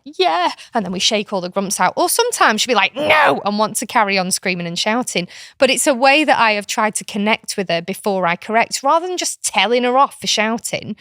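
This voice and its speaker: A woman's voice: mid-range voice, a bit bright, no room sound. Frank, chatty British woman, dry sound. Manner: frank, chatty explainer who slips into playful voices. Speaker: podcast guest, author and kinship carer. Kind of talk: casual podcast conversation.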